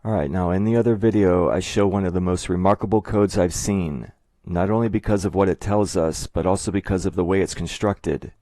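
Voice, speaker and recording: Man, very low voice, mellow tone, methodical scripted narration. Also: fairly even intonation, a little fast, no room sound. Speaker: video essayist.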